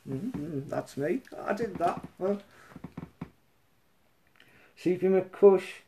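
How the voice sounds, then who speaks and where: A man, a musician, talking in a rambling, chatty way with quick asides. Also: high voice, animated, warm tone, slight background noise. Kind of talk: casual chat and singing with guitar.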